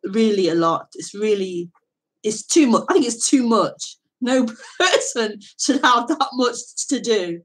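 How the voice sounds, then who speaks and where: A woman hosting a live spiritual talk, speaking in a relaxed, hesitant way, repeating words and laughing softly between thoughts. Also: on the high side, slightly rough, low-quality recording. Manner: slow, hesitant, halting speech that repeats words. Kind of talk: casual, reflective live talk.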